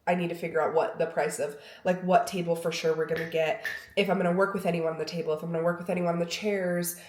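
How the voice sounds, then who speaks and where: A woman's voice: lowish voice, flat delivery, fast, darkish tone. A young woman chatting to camera in a rambling, self-mocking vlog at home, acting out little bits of dialogue. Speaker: lifestyle vlogger. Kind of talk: rambling casual chat to camera. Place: room of a house. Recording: roomy echo.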